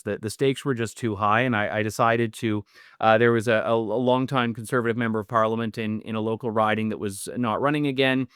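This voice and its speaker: Earnest man with a smooth voice. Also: medium pitch, a bit bright, no echo, studio quality. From Canada. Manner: earnest, with many restarts and fillers. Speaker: political guest, newly elected MP. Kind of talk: interview answers.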